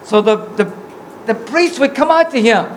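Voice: medium pitch, animated, moderate pace, slight background noise, poor audio. A preacher giving a sermon in a casual, slangy storytelling manner, acting out the scripture scenes in everyday words.

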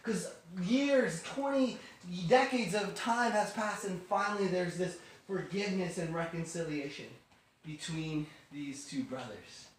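A man teaching a Bible lesson in an animated storytelling way, often asking his listeners questions. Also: high voice, a little slow, slight background noise. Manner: animated, asks the class questions. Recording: echoey room, distant mic.

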